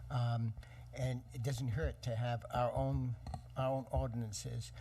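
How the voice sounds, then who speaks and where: A man's voice: medium pitch, level tone, slow pace, dark tone. A man speaking as a town councilor at a council meeting, telling anecdotes in a rambling way.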